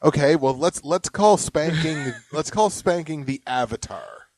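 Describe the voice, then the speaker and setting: A young man co-hosting a comedy podcast, joking around and reading ads aloud with mock yelling. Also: fairly high pitch, measured pace, dry recording. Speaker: podcast co-host. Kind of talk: casual comedic chat.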